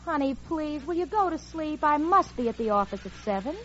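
A woman's voice: sits high, expressive, fairly quick, noisy background. An actress playing a sensible, exasperated young working woman in 1940s radio comedy, with a wisecracking delivery. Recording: dull old radio recording with studio audience.

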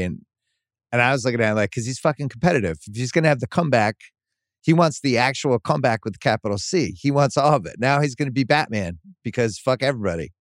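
A man's voice: mid-range voice, lively intonation, fast, dry recording, studio quality. A man hosting a podcast in a casual conversation, blunt and swearing casually. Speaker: podcast host.

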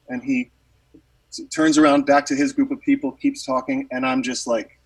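A man's voice: mid-range voice, little pitch movement, moderate pace, a little mellow, husky, far from the mic, low-quality recording. A man, a musician, telling a rambling story in casual chat with lots of fillers and restarts.

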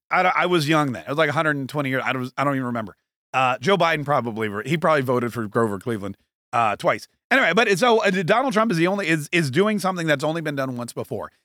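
Sarcasm runs through this man's political monologue on his podcast, which wanders into frequent asides. He sounds bright and forceful, a bit high-pitched for a man, and the mic is close and dry with no echo.

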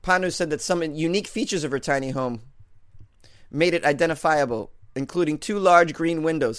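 A man's voice: fairly high pitch, moderate pace, clean tone, no echo, clean studio sound. Rambling, self-amused podcast host man. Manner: rambling, self-amused, full of fillers and restarts. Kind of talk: casual comedic monologue.

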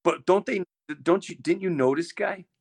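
A man co-hosting a podcast, chatting casually and tossing in quick jokes and questions. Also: high-pitched, vocal fry, a little mellow, slightly rough. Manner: wisecracking, asks questions and jokes in quick asides. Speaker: podcast co-host. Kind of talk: casual chat.

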